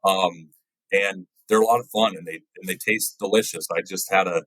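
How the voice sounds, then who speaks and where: Deep, husky-voiced man talking easily. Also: moderate pace, no echo, rough recording. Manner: relaxed, often ends points with "right?". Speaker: guest, wildlife biologist. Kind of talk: casual interview chat.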